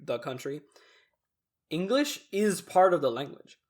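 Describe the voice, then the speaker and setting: A young man talking in a relaxed podcast chat with a slightly raised pitch. He explains things earnestly and stops to work through examples. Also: a little slow. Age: young adult. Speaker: podcast co-host. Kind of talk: casual chat.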